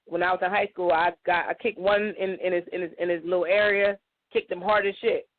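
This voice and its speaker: High-voiced man recalling his youth. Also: steady tone, dry recording. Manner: jumps in, talks in halting restarts. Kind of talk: casual radio talk. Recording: tinny phone-like sound.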